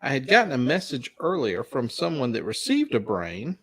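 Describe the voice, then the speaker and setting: Animated Southern-accented male trivia host. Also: mid-range voice, moderate pace, husky. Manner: animated, chuckling, reads questions aloud. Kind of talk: casual live-stream chat.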